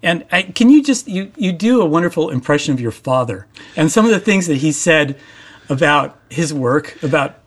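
A male host interviewing a guest, asking curious, winding questions full of "you know". His voice is a little higher than most men's. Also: expressive, moderate pace. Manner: curious, rambling questions with fillers. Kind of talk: interview conversation.

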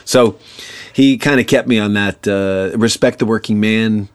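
Low-voiced reflective man. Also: normal speed, smooth, dry recording. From New York. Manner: earnest and reflective, with restarts. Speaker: guest, actor and comedian. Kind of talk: interview conversation.

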